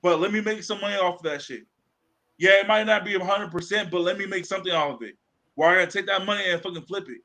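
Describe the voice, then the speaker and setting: Bright, high-voiced man in casual talk. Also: fast, poor audio. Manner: animated storytelling, acts out quoted dialogue, swears freely. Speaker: podcast co-host. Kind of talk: casual podcast chat.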